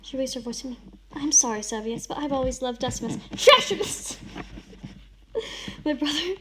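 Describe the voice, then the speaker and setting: A woman's voice: high voice, steady tone, quick pace, a little hiss or hum. A woman giving a melodramatic read-aloud of a friend's story, with casual comments in between. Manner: over-the-top dramatic reading, shouts and sobs in the big lines. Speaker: vlogger reading a friend's writing.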